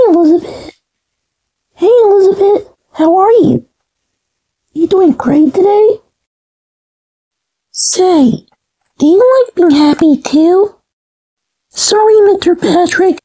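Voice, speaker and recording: A very high, squeaky cartoon character, voiced by a woman, chirpy and naive, rambling eagerly through its ideas. The delivery is slow and drawn out, and the tone sits soft and mellow rather than bright. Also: heavily acted. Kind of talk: fan cartoon voice acting.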